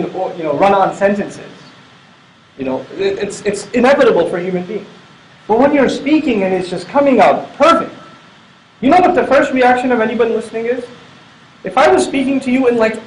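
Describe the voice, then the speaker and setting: High-voiced man giving an echoey lecture. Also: a little fast, a little hiss or hum. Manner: explanatory, repetitive emphasis, acts out quoted dialogue. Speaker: Islamic speaker. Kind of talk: Quran lecture.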